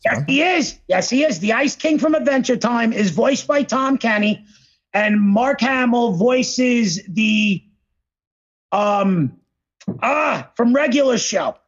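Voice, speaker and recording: High, husky-voiced man rambling on a podcast. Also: expressive, lo-fi sound. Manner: rambling, profane, mimics voices in quick bursts. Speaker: podcast co-host. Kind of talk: casual podcast chat.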